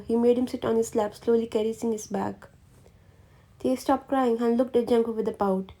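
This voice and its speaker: A woman narrating a fan fiction story in a plain, even reading voice. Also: on the high side, a little fast, rough recording.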